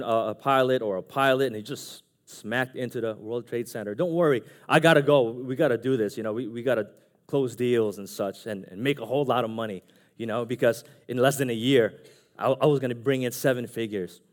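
A man, speaking from the front of a church. His voice sits at an ordinary middle pitch but keeps swinging from a quiet hush up to loud, raised peaks. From Jersey City / New York City area. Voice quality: earnest, with dramatic pitch and volume swings. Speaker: church member giving testimony. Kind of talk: personal testimony from the pulpit. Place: church sanctuary.

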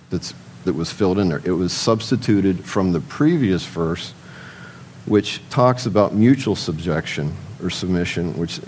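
A low-pitched man preaches in an easygoing, conversational way. He poses rhetorical questions and answers them himself, and at times turns to speak straight to the men listening. A faint noise sits under the recording. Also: a little mellow, rough recording. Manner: addresses the men in the audience directly. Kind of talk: sermon.

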